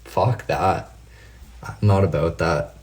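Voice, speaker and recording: A man's voice: deep voice, slow pace, a little mellow. A man, chatting casually on a late-night livestream, answering viewers by name, laughing often and swearing freely. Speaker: livestream host.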